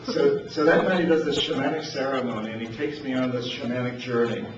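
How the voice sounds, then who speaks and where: An older man from New Hampshire spins personal anecdotes, chuckling and stumbling over repeated words as he talks. His voice sits at an ordinary pitch but comes from well off the mic. It is caught in a very echoey space with a dull, lo-fi sound and a clear hiss of noise underneath. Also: steady tone, fairly quick, far from the mic. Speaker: speaker telling stories. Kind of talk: storytelling talk.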